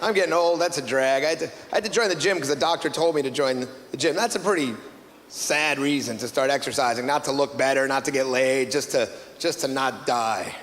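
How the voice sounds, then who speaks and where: A man's voice: medium pitch, a little fast, fairly bright tone. A man performing a stand-up comedy routine on stage, telling stories with wry exasperation. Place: stage in a club or hall. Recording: reverberant hall, noisy ambience.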